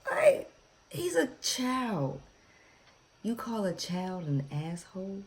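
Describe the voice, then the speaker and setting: A woman's voice: mid-range voice, very animated, slow pace, a little hiss or hum. A woman hosting a reaction video, casual and given to swearing and shocked asides.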